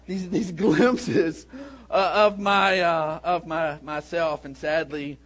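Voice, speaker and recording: A man in his thirties, a pastor preaching a sermon with animated storytelling, who breaks into shouts when he acts out a scene. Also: a little high, slow.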